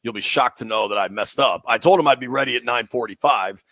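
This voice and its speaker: A man in his forties hosting sports talk radio, excited and rambling in casual banter. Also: medium pitch, quick pace, dry recording. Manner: excited, rambling, laughs easily.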